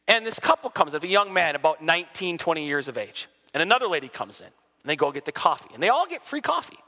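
A man, a pastor, telling stories in an animated way during a conversation, with his voice rising and dropping as he goes. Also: on the high side, quick pace, long reverb tail. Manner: animated storyteller, swings loud and soft. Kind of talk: storytelling in a conversation.

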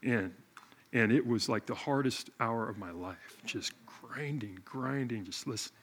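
A middle-aged male pastor telling a story in a sermon, animated and self-mocking. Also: medium pitch, measured pace, a little hiss or hum.

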